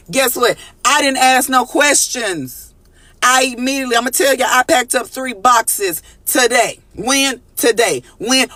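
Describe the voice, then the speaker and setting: A man giving an animated, slangy collective tarot reading from a studio, calling out to his viewers. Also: sits high, no room sound. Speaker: tarot reader.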